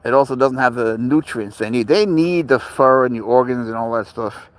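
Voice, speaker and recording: A man's voice: mid-range voice, moderate pace. A man hosting a casual livestream outdoors in a park. He rambles and answers viewer questions as he walks his cat, talking into a phone.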